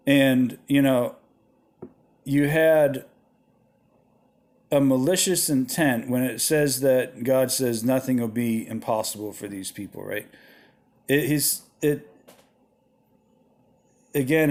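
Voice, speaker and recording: A man's voice: mid-range voice, darkish tone. Casting: tired man, slight lisp, rambling casual teaching, mid-range voice. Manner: rambling, restarts often, tags lines with "right?". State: tired, late at night. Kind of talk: casual spoken teaching on symbolism.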